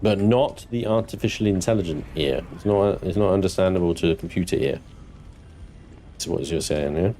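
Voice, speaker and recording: A young British man chats casually with viewers while livestreaming a game, laughing a lot, swearing freely, and letting out mock-indignant high squeals. He talks a little fast in a mellow voice, with slight background noise.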